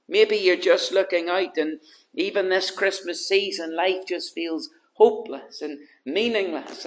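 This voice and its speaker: A man's voice: sits high, a bit bright. A man preaching a sermon in an earnest manner, building his points through repeated rhetorical questions.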